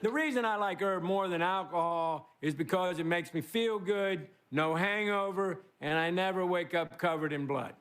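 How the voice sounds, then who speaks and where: A man in his sixties delivering a relaxed, self-mocking stand-up monologue, pausing for laughs. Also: high-pitched. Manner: laid-back, self-mocking joke delivery with pauses for laughs. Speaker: guest monologue host on a comedy show. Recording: studio audience, crowd and noise behind. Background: audience laughter.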